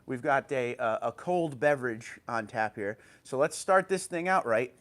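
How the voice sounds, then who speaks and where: A man's voice: mid-range voice, lively intonation, normal speed, a bit bright. A man hosting a casual livestream from home on an old tablet, greeting viewers by name and reading their comments aloud. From New Jersey. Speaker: livestream host.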